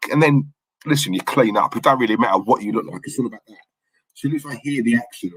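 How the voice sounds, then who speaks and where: A man's voice: medium pitch, fast, fairly bright tone, slightly rough, no room sound, low-quality recording. A young man with a London-Essex accent, chatting casually on a livestream and reading out the chat in a laddish, jokey way. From London area, England. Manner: laddish, jokey, says mate a lot.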